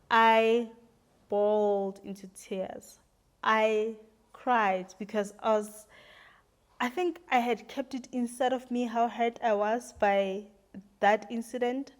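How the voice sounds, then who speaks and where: A young woman, sharing a painful personal story to camera in an earnest, reflective way, pausing and repeating herself. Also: a little high, darkish tone. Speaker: vlogger. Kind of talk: emotional storytime chat to camera.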